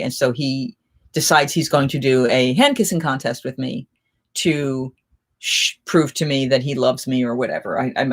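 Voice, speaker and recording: A middle-aged woman, a festival performer, hosting a live chat and telling lively anecdotes in a casual way, often getting suddenly louder. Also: sits low. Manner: animated, with sudden jumps in loudness.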